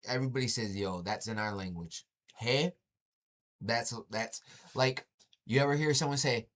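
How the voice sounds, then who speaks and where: A man casually commenting on a video he is watching, animated and slangy, often exclaiming. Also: mid-range voice, normal speed.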